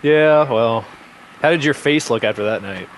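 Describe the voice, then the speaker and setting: A man's voice: medium pitch, moderate pace, a little hiss or hum. A man hosting a casual gameplay chat, reacting to the game in a laid-back way. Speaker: host playing a video game.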